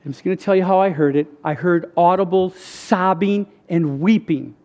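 A man's voice: sits high, normal speed, a little mellow. A man giving a conversational sermon testimony, earnest and emphatic, speaking straight to the crowd. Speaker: speaker sharing a faith testimony.

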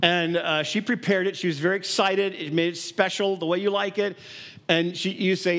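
Guy pastor with a high voice, chatty preaching style, acts out bits. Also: fairly even intonation, moderate pace, fairly bright tone. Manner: conversational preaching with acted-out quotes and laughs. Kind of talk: sermon.

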